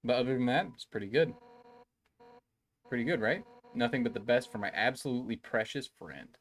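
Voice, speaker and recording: A man's voice: mid-range voice, lively intonation, a little fast, natural voice. Undyne, a brash fish warrior captain, read by a man. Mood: boastful, casual. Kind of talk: reading game dialogue aloud on a live stream.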